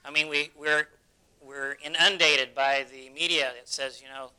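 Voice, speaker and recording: A man's voice: medium pitch, fairly even intonation, moderate pace, bright, forceful tone, clean tone, poor audio. A man preaching a sermon, telling stories in an earnest way. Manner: earnest storytelling.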